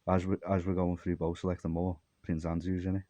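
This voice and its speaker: A man's voice: sits low, little pitch movement, brisk, mellow, no echo. A man from Armenia talking to camera in a rambling solo monologue, jumpy and disjointed, trailing off mid-thought. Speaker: vlogger.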